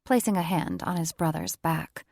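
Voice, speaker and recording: A woman narrating a romance audiobook in a measured, even storytelling voice. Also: on the low side, vocal fry, dry recording, studio quality. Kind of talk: scripted narration.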